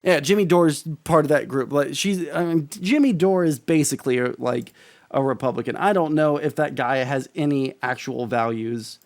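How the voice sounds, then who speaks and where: A young male streamer riffs through casual political commentary in a fairly high voice. He rants, swears freely and keeps restarting his sentences. The sound is dry and close, with no room around it. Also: normal speed, no echo. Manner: profane, ranting, restarts often.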